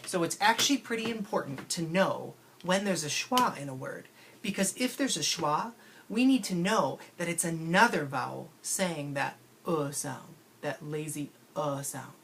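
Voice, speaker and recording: A woman's voice: fairly low pitch, expressive, normal speed, a bit bright, a little hiss or hum. A woman teacher giving a phonics lesson to children, patient and playful, stretching out sounds to show how words are said.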